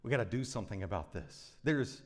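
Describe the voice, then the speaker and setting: A man's voice: lowish voice, animated, a little fast. A man preaching a sermon as pastor, intense and urgent, driving points home with emphatic repetition.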